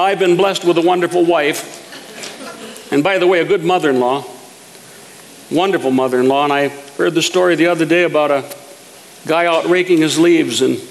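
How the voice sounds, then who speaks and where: A man's voice: a little high, creaky, long reverb tail, a little hiss or hum, poor audio. A man preaching a sermon, telling folksy humorous stories and chuckling at his own jokes.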